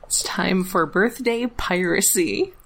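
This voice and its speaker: A woman co-hosting a podcast in casual chat, talkative and quick to laugh, often restarting her sentences. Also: on the low side, slight background noise. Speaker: podcast co-host.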